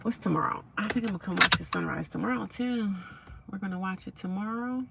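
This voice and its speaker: A woman's voice: mid-range voice, quick pace, creaky, heavy background noise. A woman, live-streaming outdoors at sunrise, chatting casually with her viewers and reading their comments aloud. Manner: chatty, talks to viewers and reads chat aloud.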